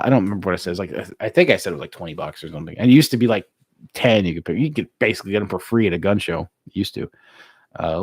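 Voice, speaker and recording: An American man casually chatting with his live-stream viewers, relaxed and laughing easily, with plenty of filler words. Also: sits low, no echo, studio quality. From United States. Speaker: streamer reading live chat.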